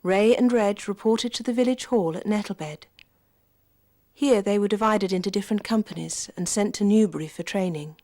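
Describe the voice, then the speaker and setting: A woman's voice: mid-range voice, normal speed, mellow. Woman narrating a documentary. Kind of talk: scripted narration.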